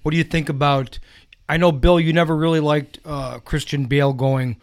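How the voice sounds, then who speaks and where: A man with a somewhat high voice hosts a relaxed film chat. He steers the conversation and states his views with emphasis. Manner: leads the talk, emphatic, quick to give opinions. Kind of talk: casual chat.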